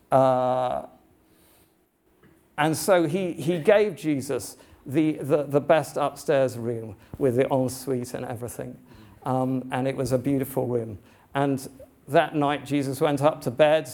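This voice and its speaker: A man preaching a sermon, telling a story in an earnest, halting way with many restarts. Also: mid-range voice, steady tone, a little mellow.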